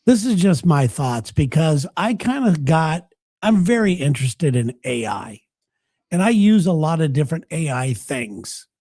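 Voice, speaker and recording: A man's voice: on the high side, big pitch swings, unhurried, a little mellow, no echo, clean studio sound. A man co-hosting a casual podcast chat, thinking aloud in a rambling way with frequent restarts. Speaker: podcast co-host.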